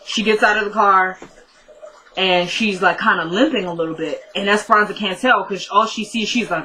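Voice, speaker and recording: A woman's voice: medium pitch, fairly quick, fairly bright tone, poor audio. A woman casually recapping a TV episode, retelling the dialogue in a chatty way. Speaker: TV recap vlogger.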